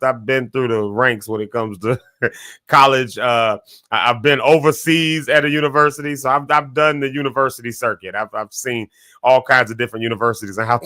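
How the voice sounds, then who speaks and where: Bright-voiced animated male show host. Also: dry recording, studio quality. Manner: animated storyteller, many restarts, sudden jumps in pitch. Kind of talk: casual spoken reflection.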